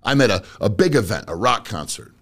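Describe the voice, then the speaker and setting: A man's voice: lowish voice, big pitch swings, a little fast. A man giving a casual motivational talk to viewers, speaking bluntly and directly with street slang. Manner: blunt, direct, street-casual, addresses audience as bro and guys. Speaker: motivational speaker and auto business owner.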